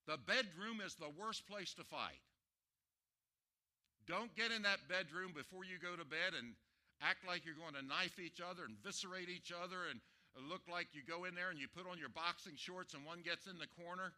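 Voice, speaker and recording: A middle-aged man giving a sermon-style talk on marriage to a live audience, animated, with humorous asides and acted-out examples. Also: high-pitched, moderate pace. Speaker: Christian speaker on marriage, former counselor.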